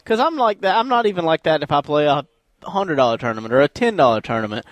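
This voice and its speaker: A man's voice: fairly high pitch, animated, fast talker, no room sound. Reflective male co-host, hesitant phrasing, dry studio mic. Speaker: radio co-host. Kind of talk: casual radio chat.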